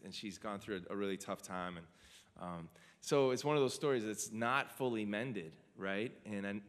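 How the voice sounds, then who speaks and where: Brief: low male singer-songwriter, earnest storyteller talking to a crowd, reverberant hall. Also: a bit bright. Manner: earnest, conversational, asks the audience questions. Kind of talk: casual storytelling to a studio audience.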